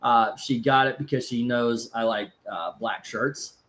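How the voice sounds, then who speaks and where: Man, live-stream host, casual, rambling, filler-heavy, average pitch. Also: a little slow, a bit bright. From Florida. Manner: rambling, many fillers and restarts.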